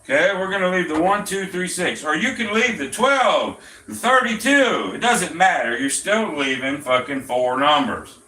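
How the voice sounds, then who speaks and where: A man's voice: on the high side, lively intonation, normal speed, few pauses, noisy background. A man hosting a gambling show, explaining roulette betting in a blunt, profane, chatty way. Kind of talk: casual instructional talk. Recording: roomy, distant mic, faint ambience.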